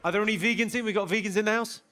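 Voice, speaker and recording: High-voiced comedian onstage. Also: male voice, fairly even intonation, rapid-fire, slight background noise. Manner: dry, mock-stern lecturing of an audience member. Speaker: stand-up comedian. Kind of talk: stand-up comedy set. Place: large theater stage. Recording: live show with loud crowd laughter.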